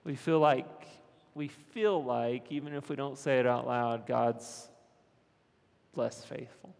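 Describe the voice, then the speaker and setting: Pastor guy giving a sermon, slow and gravelly, earnest, repeats himself, long church echo. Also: medium pitch, darkish tone. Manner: earnest, repeats phrases, asks the congregation along.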